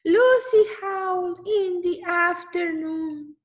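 A woman's voice: very high voice, slow pace, lo-fi sound. A woman reading a picture book aloud to children, exclaiming often and stopping to ask the listener questions.

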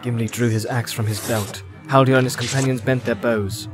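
A man narrates a fantasy epic in a dramatic audiobook style. His storytelling is steady and measured, at a middle pitch. Music plays underneath throughout. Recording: background music.

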